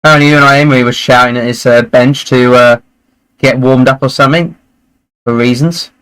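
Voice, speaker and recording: A man hosting a live football watchalong, chatting and reacting excitedly to the play. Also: mid-range voice, fairly quick, clean tone, low-quality recording. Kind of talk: live match commentary and chat.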